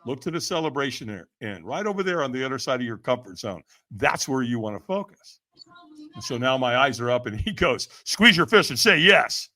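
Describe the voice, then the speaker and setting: Bright, lively storytelling man. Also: mid-range voice, fairly quick. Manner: acts out quoted people, laughs often, says "man" and "right?". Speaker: podcast guest. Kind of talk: animated storytelling.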